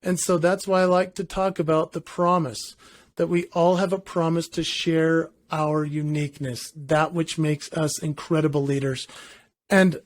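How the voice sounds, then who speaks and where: A man's voice: on the high side, measured pace. A man, a performer and author, telling stories animatedly as a guest in a casual interview. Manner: animated storyteller.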